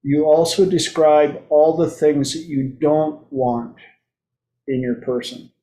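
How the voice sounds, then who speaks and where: A man hosts his own talk show in an unhurried, playful monologue and slips into other voices when he quotes people. His voice sits a little higher than most men's. The recording picks up a roomy echo around him. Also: steady tone, mellow, slight background noise. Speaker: host.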